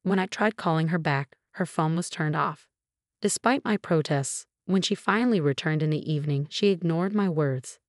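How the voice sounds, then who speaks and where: Woman, story narrator, matter-of-fact, somewhat low voice, dry close sound. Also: normal speed, no room sound. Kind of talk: scripted first-person story narration.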